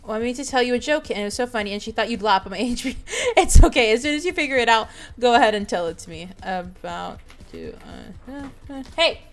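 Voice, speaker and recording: A woman hosting a live stream in casual chat, hyper and excitable, meowing playfully at her chat. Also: on the high side, fairly quick, soft background music. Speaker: streamer host.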